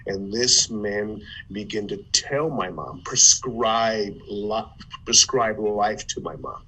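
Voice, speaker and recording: Man from Ohio, motivational speaker, low and husky, lively storyteller. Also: slow pace, low-quality recording. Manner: animated, with stammered restarts. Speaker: guest, former football player turned motivational speaker. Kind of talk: conversational storytelling.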